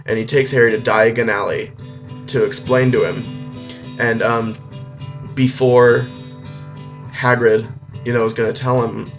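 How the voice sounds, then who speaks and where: A man's voice: mid-range voice, steady tone, measured pace, long pauses, a bit bright. Offhand rambling guy telling a story, music faint behind. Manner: rambling, offhand, with filler restarts. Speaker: comic storyteller. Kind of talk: comic plot retelling.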